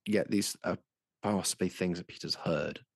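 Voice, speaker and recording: Brief: low, gravelly man, steady game master narration, close and dry sound. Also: no echo. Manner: measured, descriptive narration.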